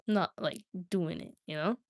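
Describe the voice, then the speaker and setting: A woman's voice: lowish voice, measured pace. A young woman hosting a livestream, chatting casually with viewers in a rambling, self-interrupting way. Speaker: livestream host.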